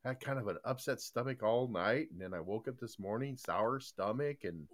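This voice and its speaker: Older man, podcast host: loose, chummy, rambling, with a lively swinging pitch. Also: moderate pace. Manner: rambling, loose, many fillers and restarts; chummy, folksy greetings to listeners. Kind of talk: casual live podcast chat.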